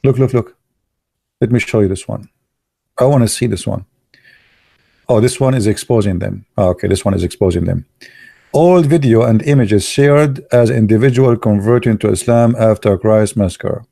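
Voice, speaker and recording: Gravelly-voiced man. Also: fairly low pitch, warm tone, no room sound, clean studio sound. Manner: halting, many fillers and restarts, sarcastic asides. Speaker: online commentator. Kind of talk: casual live commentary.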